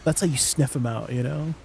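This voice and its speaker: A young man from Canada, speaking with a Canadian accent, talks casually and playfully to his audience during a live gaming stream and poses questions to them. His voice is medium-pitched and creaky at a moderate pace, with background noise.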